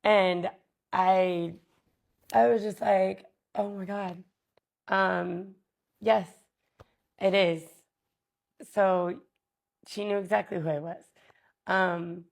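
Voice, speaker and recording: Low gravelly woman telling her story. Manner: candid, halting, many pauses and fillers. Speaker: vlogger. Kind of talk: personal storytelling.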